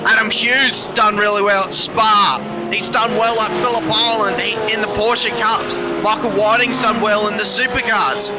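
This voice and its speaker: A man calling a sim race live, excitable and rambling, a little out of breath. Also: high voice, moderate pace, few pauses. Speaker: sim racing commentator. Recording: noisy background.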